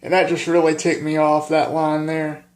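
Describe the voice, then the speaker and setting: A man vlogging casually about his favorite film, halting with lots of filler pauses and plainspoken. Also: fairly high pitch, monotone.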